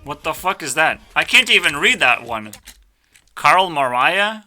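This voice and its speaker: Male YouTuber, live reaction rant; cocky, profane, piercingly bright tone. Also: fairly high pitch, sing-song, a little slow, soft background music. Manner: brash, swearing, mock-arrogant ranting. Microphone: headphones on, desk mic.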